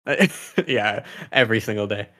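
Man, young adult, somewhat low voice, laid-back, teasing, casual podcast chat. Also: expressive, moderate pace, bright, forceful tone. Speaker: podcast co-host.

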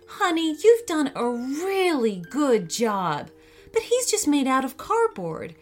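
A woman reading a storybook aloud, voicing a gentle mother who speaks reassuringly. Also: sits high, very animated, takes it slowly, faint music behind, voice pushed up, exaggerated voice. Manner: soothing, reassuring.

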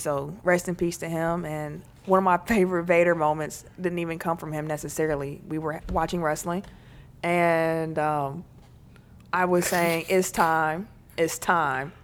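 Casting: woman sports podcast co-host, lower voice, lively storyteller, light background hiss. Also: normal speed. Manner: animated storytelling, laughing often. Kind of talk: casual sports chat.

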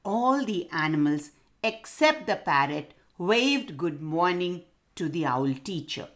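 A woman reads a children's story aloud at a slow, unhurried pace. Her voice rises and falls a great deal, and she stops now and then to ask the children a question. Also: fairly low pitch. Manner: expressive, addresses children directly.

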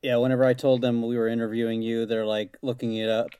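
A man hosting a podcast interview, relaxed as he guides the talk. His voice is smooth and clear, and the sound is dry and close. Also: medium pitch, fast, no echo. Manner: relaxed, steers the conversation. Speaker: podcast host.

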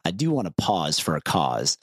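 A man in his thirties talks on a podcast with a very deep voice. He is candid and easygoing and laughs often. The close mic gives a dry sound with no room echo. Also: big pitch swings, normal speed, slightly rough. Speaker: podcast co-host. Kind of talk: casual podcast conversation.

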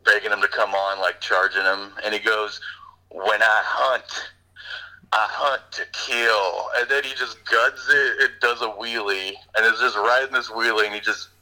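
Podcast co-host, male, lower pitch, crisp forward tone, loose chatty storytelling. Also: a little fast, few pauses, low-quality recording. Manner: rambling, animated retelling with fillers. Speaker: podcast co-host reviewing a movie. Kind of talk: casual chat.

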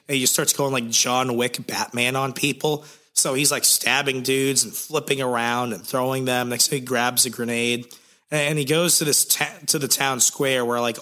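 A man casually retelling a comic's plot with lively storytelling and crude jokes. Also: medium pitch. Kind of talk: casual comic recap chat.

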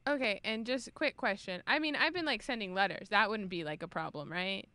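A woman's voice: medium pitch, fairly quick, bright, forceful tone, clean tone, dry recording. A woman playing a tabletop game, asking questions in a chatty way full of "like". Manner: chatty, many "like" fillers. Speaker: player. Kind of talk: casual chat in a tabletop game.

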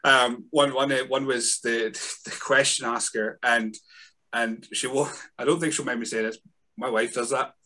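A man hosting a podcast, chatting casually in a halting way, repeating words, with dry humour. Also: medium pitch, steady tone, pushed and bright. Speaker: podcast host. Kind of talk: casual chat.

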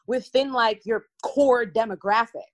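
A woman radio host talks on a podcast with a high, bright pitch. She is wry and confident, teasing her host with easy humor. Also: unhurried. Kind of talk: casual podcast interview.

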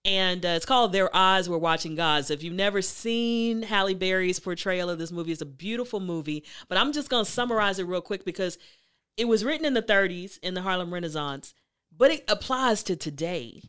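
A woman hosting a motivational talk, telling a story in a chatty, emphatic, animated way. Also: fairly low pitch, a little fast, smooth. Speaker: host.

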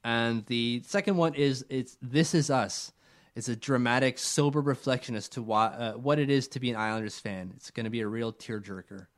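A man's voice: medium pitch, normal speed. A young man co-hosting a casual sports chat, joking and acting out silly voices as he talks. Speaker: podcast co-host.

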